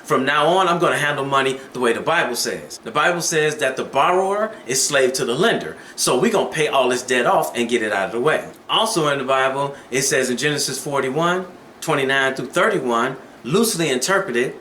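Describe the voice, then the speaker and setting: A man's voice: fairly high pitch, expressive, a little fast, bright, forceful tone, echoey room, a little hiss or hum. A man telling dating advice stories in a casual vlog, preachy and conversational.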